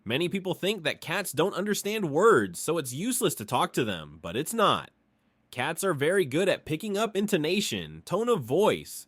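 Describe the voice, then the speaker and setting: Lively, higher-voiced male narrator. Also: no echo. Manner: explanatory, addresses the viewer directly. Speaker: pet channel narrator. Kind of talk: scripted narration.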